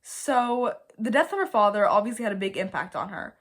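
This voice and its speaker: A young woman hosting a casual vlog, chatty and playful, often mocking herself and jumping between loud and soft. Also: medium pitch, animated, fairly quick. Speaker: video host.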